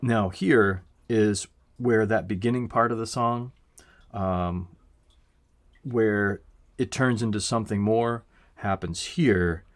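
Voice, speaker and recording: A man giving a casual, reflective album review, unhurried and full of fillers, swearing now and then. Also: on the low side. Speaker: music reviewer.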